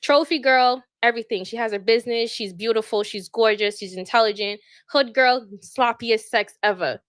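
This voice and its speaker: High-voiced, blunt woman, dry sound. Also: a little fast, fairly bright tone, no echo. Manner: blunt and emphatic, lays down rules. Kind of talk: casual livestream chat.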